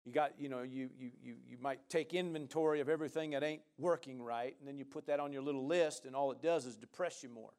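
A middle-aged male pastor preaching a sermon, moving from quiet talk into shouted praise. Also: mid-range voice, fast talker, hardly any pauses.

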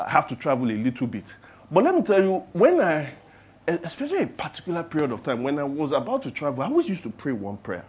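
A man preaching a sermon in church. He moves from hushed prayer to loud, animated storytelling. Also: mid-range voice. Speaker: pastor. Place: church service.

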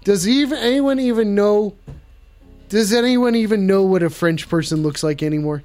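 A man's voice: sits high, moderate pace, darkish tone, soft background music. Man in a put-on French accent. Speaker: call-in show host. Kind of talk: live call-in chat.

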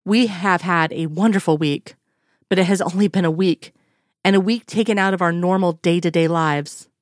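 Frank, strong-willed woman, read by a woman, lowish voice, dry. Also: fairly even intonation, moderate pace, no echo, lightly acted. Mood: earnest. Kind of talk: fan fiction read aloud.

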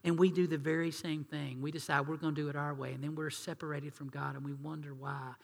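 A man preaching a sermon, animated and acting out quoted voices in hushed tones. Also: a little high, fast talker, creaky, long reverb tail. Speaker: pastor.

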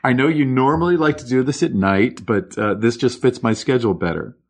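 A man in a mid-range voice hosts a casual podcast. He jokes drily and stumbles over his words as he goes. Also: mid-range voice. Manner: jokey, deadpan, halting restarts. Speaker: podcast co-host. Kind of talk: casual chat.

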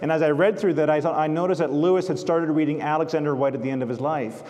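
A man's voice: fairly high pitch, steady tone, fast talker, a little mellow. A male pastor delivering a sermon, telling stories and quoting writers in an earnest manner. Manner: earnest storytelling, literary quotations. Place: church sanctuary. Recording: long church reverb.

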